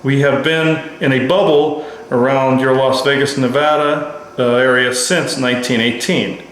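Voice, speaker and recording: A man's voice: medium pitch, fairly even intonation, unhurried, fairly bright tone, lightly acted. A man voicing a courtly, giggling alien envoy. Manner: formal, old-fashioned politeness with little giggles. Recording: very echoey room.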